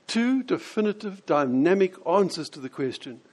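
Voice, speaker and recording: A man preaching a sermon, explaining scripture and acting out quoted voices with lively changes. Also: high-pitched, normal speed. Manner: animated, acts out quoted voices.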